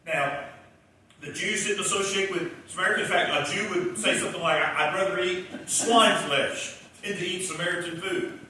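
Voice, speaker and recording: A man preaching a revival sermon, telling the story in an animated way and acting out the characters' lines. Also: sits high, normal speed, a little hiss or hum. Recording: echoey hall, distant mic.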